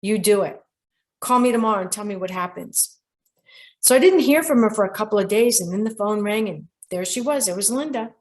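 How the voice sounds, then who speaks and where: A middle-aged woman hosting a show about dreams, telling a client's story in a lively way and quoting people directly. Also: mid-range voice, a little fast. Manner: animated storyteller who quotes people directly. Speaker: radio show host and dream interpreter. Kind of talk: storytelling monologue.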